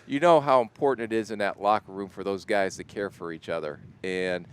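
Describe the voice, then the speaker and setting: Deep, smooth-voiced man with an Ohio accent. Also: steady tone, a little fast, dry recording. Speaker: NFL general manager guest. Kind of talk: radio interview.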